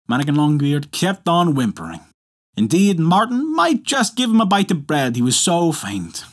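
A male storyteller narrates an old folktale with dramatic expression. His voice sits a touch high and swings widely in pitch, pulling the listener along. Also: huge pitch swings, normal speed.

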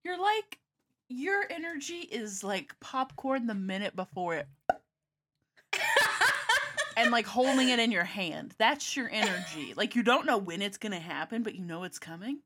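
A woman's voice: medium pitch, expressive, moderate pace, heavy background noise. A woman podcast co-host in casual chat, teasing in a playful, giggly way.

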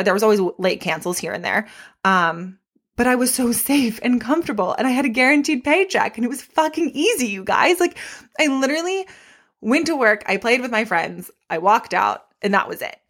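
A young woman talks into her podcast microphone in a loose, unscripted solo episode. She is chatty and candid, with animated asides and casual swearing. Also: fairly high pitch. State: pregnant. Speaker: podcast host and fitness instructor.

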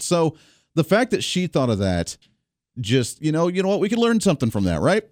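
A man in his thirties hosting a talk show, telling a family story and giving opinions in an animated, indignant way. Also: a little high, normal speed, dry recording, clean studio sound. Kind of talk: opinionated monologue.

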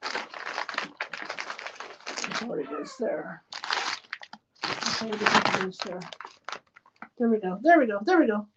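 A woman with a medium-pitched, very animated voice streams live from a spare bedroom at home, going slowly and pausing often. She mutters to herself while describing each step of her craft, recorded in dull lo-fi sound with faint noise.

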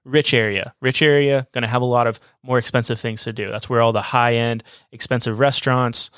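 A man's voice: mid-range voice, steady tone, a little fast, fairly bright tone, smooth, no echo, clean studio sound. Upbeat man recommending travel spots. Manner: enthusiastic, recommending places to listeners. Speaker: podcast co-host. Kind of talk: casual travel podcast chat.

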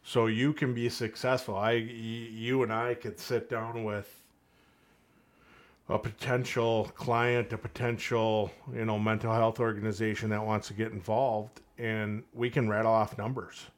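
A man with a fairly low voice talks earnestly as a podcast guest. He tells a parable in a plain, heartfelt way and gives each character a quick voice. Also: little pitch movement. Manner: earnest, storytelling with quoted voices. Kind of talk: casual podcast conversation.

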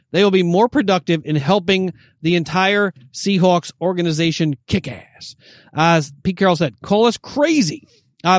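A man's voice: high-pitched, no echo, studio quality. A man hosting a casual sports podcast who rambles, restarts his sentences and reads out news items. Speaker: podcast host.

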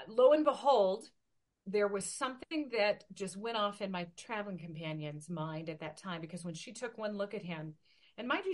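Woman in her 40s spinning a long animated story, mid pitch, chatty interview. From Oregon, USA. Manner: lively, animated storytelling with quoted voices. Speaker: interview guest.

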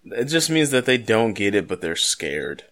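Deep-voiced man in joking podcast chat. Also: big pitch swings, moderate pace, fairly bright tone. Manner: joking, rambling, pop-culture asides. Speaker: podcast co-host. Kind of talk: casual chat.

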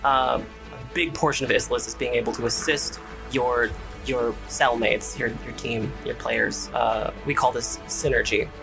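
A man's voice: mid-range voice, steady tone, a little slow, vocal fry, over music, low-quality recording. A man narrating as game master of a tabletop game, explaining rules in a hesitant way full of fillers.

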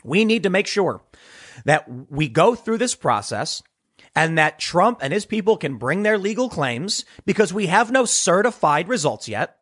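A man with a high voice hosts an opinionated political commentary show. He swings widely up and down in pitch and speaks with emphasis, often repeating words as he presses his argument. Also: big pitch swings, normal speed, fairly bright tone, husky.

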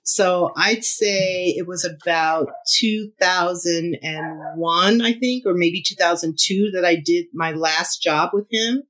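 A woman's voice: on the low side, slow pace, hardly any pauses. A woman in her fifties, a musician guest, telling a story in a casual interview, laughing often and acting out the lines of other people. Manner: animated, laughs often, acts out quotes.

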